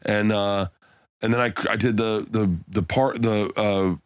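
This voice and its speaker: A comedian telling stories in a casual podcast chat, acting out quotes and laughing loudly. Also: male voice, on the low side, unhurried, clean tone, dry recording, studio quality. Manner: animated storyteller, acts out quotes, laughs loudly.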